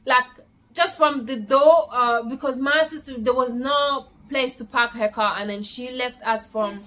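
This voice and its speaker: A young woman vlogger telling a personal story at home, casual and animated, repeating words for emphasis. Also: high-pitched, measured pace.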